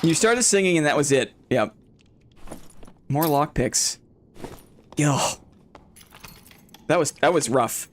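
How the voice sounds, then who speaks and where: A man streaming a game live, chatting with his viewers, thinking out loud, repeating short phrases and getting jumpy and excitable during fights. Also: on the high side, takes it slowly, pauses often, slight background noise. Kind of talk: live gameplay commentary.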